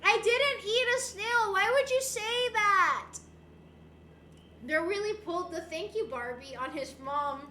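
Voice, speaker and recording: Young woman streamer, playful and giggly, very high and bright, roomy echo. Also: a little hiss or hum. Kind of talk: casual livestream chat, reading viewer messages.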